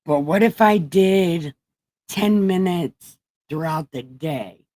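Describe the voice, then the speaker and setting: Woman streamer, unhurried, cussing and rambling, dead-dry room sound. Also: fairly low pitch, darkish tone, dry recording. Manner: profane, rambling, self-mocking. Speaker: livestream host. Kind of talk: casual irreverent bible-reading livestream.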